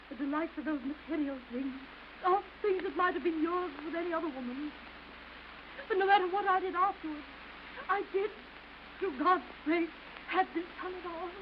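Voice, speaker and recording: A woman's voice: very high voice, dull audio. An actress playing a disgraced wife who begs tearfully to see her son, in theatrical early film style, on an old hissy soundtrack. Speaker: estranged wife. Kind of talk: early 1930s film acting.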